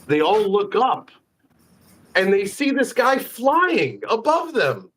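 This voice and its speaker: A man hosting a casual live-stream interview, an animated storyteller full of quick asides. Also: high-pitched. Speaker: magician, host.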